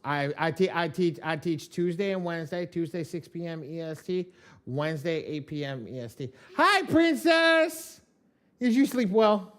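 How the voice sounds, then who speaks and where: A man's voice: on the high side, fairly even intonation, normal speed. A man teaching a live online class from home, chatting loosely and telling jokey stories in slang. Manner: loose, joking storyteller with slang. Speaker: credit dispute trainer.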